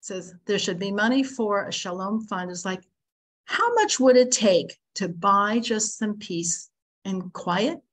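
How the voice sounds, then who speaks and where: A middle-aged woman teaching a Torah lesson in a chatty storytelling way, acting out the voices of the people in her story and mixing in Hebrew and Yiddish words. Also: medium pitch. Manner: animated storyteller acting out both sides of dialogue; conversational, many "like" fillers, Yiddish and Hebrew terms.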